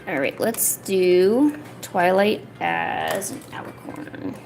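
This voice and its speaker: A woman in her thirties, chatting casually on a livestream while she sketches, rambling with lots of filler words and cooing softly to her pet. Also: on the low side, takes it slowly, gravelly, few pauses, a little hiss or hum. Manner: soft, doting talk to her pet. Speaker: artist streamer.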